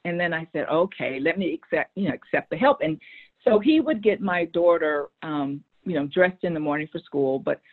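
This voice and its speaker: A middle-aged woman is a guest on a show, recounting a family story with animated energy. She often stumbles over the first words of a sentence, repeating them before carrying on. Her voice comes through a thin, phone-like line. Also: low-pitched, moderate pace. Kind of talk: conversational storytelling.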